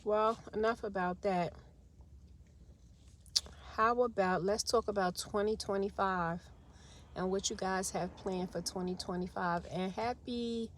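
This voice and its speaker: A woman's voice: mid-range voice, fairly even intonation, a little slow. A woman, chatting and venting to viewers in a casual vlog while stuck in traffic in her car. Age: 40s. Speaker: vlogger.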